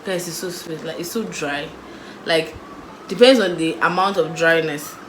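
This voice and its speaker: A young Nigerian woman in a casual storytime vlog, lively and acting out the people in her story. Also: low-pitched, moderate pace, roomy sound, very noisy. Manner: animated, acts out voices of the people in her story. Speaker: vlogger.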